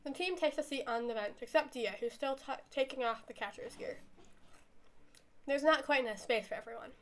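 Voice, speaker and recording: A young adult woman streamer reading a visual novel aloud in a lively, animated way. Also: high voice, brisk.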